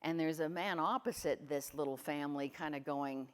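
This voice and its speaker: A middle-aged woman with a notably low voice speaks as a guest at a conference. She questions the audience and tells stories in a lively way, often acting out what people said. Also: moderate pace. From Canada. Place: conference room.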